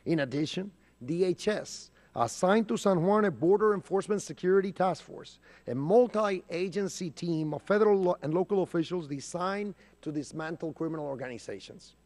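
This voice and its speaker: A man's voice: high-pitched, a little mellow. Formal, emphatic man at a hearing. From Puerto Rico. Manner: deliberate, emphatic, lists facts and figures. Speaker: congressman questioning a witness. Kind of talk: formal prepared hearing statement. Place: committee hearing room.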